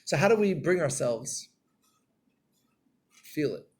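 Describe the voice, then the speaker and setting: A man giving a Torah class in a storytelling way, acting out scenes and getting loud and animated. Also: fairly high pitch, slow, slightly rough.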